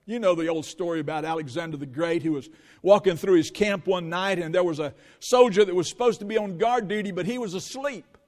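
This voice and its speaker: A man's voice: high-pitched, fairly quick, a little mellow, in a large hall. A male pastor preaching a sermon, telling stories with quoted dialogue before moving into scripture.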